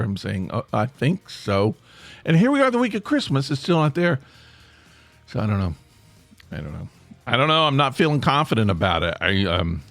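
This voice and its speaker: A man's voice: fairly low pitch, no room sound. A man in his sixties hosting a podcast, rambling through a casual monologue with self-mocking jokes. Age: 60s. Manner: self-mocking, jokey, meandering. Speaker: podcast host.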